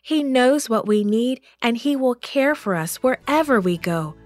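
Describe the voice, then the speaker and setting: A woman narrating a children's story in a gentle, expressive way, rising for dramatic moments. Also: a little high, measured pace, no echo.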